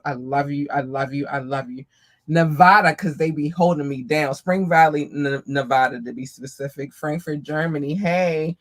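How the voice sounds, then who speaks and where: A woman hosting a live podcast, casually giving affectionate shout-outs to listeners and often squealing her greetings. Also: sits low. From Maryland, US. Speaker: podcast host.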